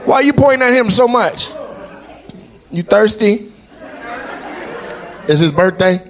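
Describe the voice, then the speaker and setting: A man doing stand-up crowd work on a club stage, teasing audience members with brash remarks that rise to loud shouts. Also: high-pitched, expressive, takes it slowly, rough recording. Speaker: stand-up comedian. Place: comedy club stage before a live audience. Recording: live club recording with crowd noise. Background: audience laughter and crowd noise.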